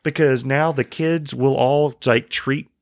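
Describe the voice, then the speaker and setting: A man's voice: medium pitch, fairly even intonation, slow, no room sound. Man with dry wit, dead-dry sound. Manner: wry, dry humor. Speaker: podcast co-host. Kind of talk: casual chat.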